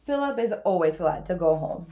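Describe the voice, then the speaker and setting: A woman reading a children's picture book aloud in an expressive, lively first-person storytelling voice. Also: on the low side, moderate pace, highs cut off. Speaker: reader.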